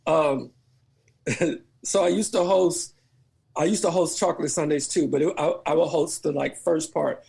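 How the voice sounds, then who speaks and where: Comedian man from New Orleans, raised pitch, raspy texture, laughs through stories. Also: fairly even intonation, normal speed, pauses often, darkish tone. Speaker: comedian guest. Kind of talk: casual storytelling.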